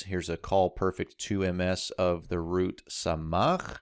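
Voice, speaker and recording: Low male teacher, explanatory walk-through of a verse, dry close mic. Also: little pitch movement, slow, clean tone, no room sound. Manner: explanatory, walking through text on screen. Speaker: Hebrew teacher. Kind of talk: verse-by-verse language lesson.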